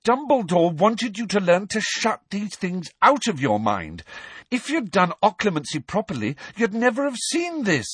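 A man's voice: high voice, big pitch swings, moderate pace, a bit bright, husky, dry recording, voice pushed up, full character voice. A man doing Hermione, an urgent pleading teenage girl. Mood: fierce.

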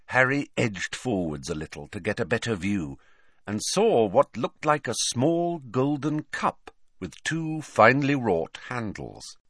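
A man reading a story aloud as narrator, clear and unhurried. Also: mid-range voice, sing-song, a bit bright, no room sound, clean studio sound. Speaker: audiobook narrator. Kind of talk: scripted narration.

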